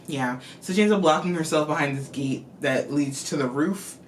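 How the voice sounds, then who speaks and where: A vlogger casually recapping a movie, rambling, swearing freely and telling the plot in animated bursts. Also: mid-range voice, normal speed, hardly any pauses, slight background noise.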